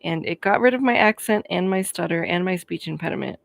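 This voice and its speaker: A Colorado woman in her thirties, with a lowish voice and vocal fry, hosts a livestream and casually answers viewers' comments. She's chatty, friendly, and quick to laugh, and the recording has no room sound.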